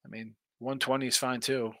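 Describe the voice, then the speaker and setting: Sleepy guy hosting a betting stream, bright voice, close dry mic, just rambling through picks. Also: mid-range voice, level tone, fairly quick, no room sound. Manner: rambling, reads viewer chat aloud. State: tired, yawning. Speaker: sports betting show host. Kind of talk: casual live-stream chat.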